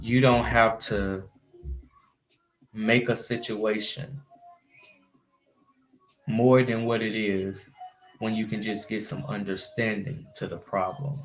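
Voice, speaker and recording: Talking slowly with frequent pauses over soft background music, this young vlogger recounts a recent experience to camera in a relaxed, conversational way. His pitch is fairly low and his tone level, and "you know what I'm saying" comes up often.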